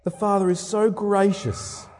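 A man's voice: little pitch movement, measured pace. A man preaching a sermon in church, dramatic, acting out quoted speeches with big swings in voice. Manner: dramatic, acts out quoted speeches with sharp swings in pitch and loudness. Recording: long reverb of a large hall.

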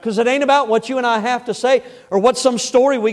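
High-voiced man preaching a folksy sermon. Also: steady tone, fast, few pauses. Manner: folksy, emphatic preaching that builds to loud exhortation. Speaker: pastor. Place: church sanctuary.

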